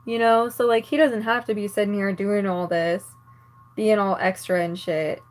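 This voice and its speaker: Her voice sits in the mid range, with fairly even intonation and a normal speed. She's a female vlogger applying makeup and venting at the camera in a casual way, annoyed and fed up, cursing often and leaning heavily on "like" as filler.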